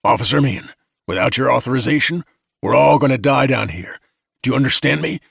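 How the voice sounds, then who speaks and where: A man's voice: medium pitch, lively intonation, fairly quick, vocal fry, fairly bright tone, husky, no room sound, studio quality, exaggerated voice. A man voicing a stern male lieutenant in a sci-fi audiobook, giving clipped, commanding orders.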